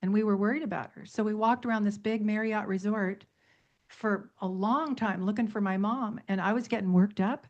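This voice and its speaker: A woman's voice: mid-range voice, moderate pace. Emphatic middle-aged woman on dull radio. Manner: emphatic, animated storytelling with long lists. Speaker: author and radio guest. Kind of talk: radio talk show discussion.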